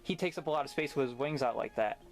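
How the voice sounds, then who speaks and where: A man's voice: medium pitch, fast talker, vocal fry, soft background music. A man hosting a casual toy figure review vlog, talkative and rambling, with sarcastic asides and a mid-range voice.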